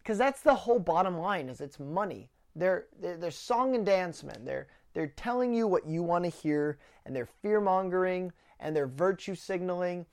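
A woman's voice: lowish voice, animated, moderate pace, hardly any pauses, a little mellow. Heated, profane woman podcast host ranting. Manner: profane, heated, stumbles and repeats words. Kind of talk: ranting political commentary.

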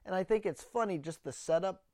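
A man's voice: high-pitched, a little fast, a little mellow, dry recording. A man talks alone into a close podcast mic, blunt and sarcastic as he rambles through a story. He sounds a little out of breath. The sound is dry, with no room around it. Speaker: podcast host. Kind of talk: solo comedic monologue.

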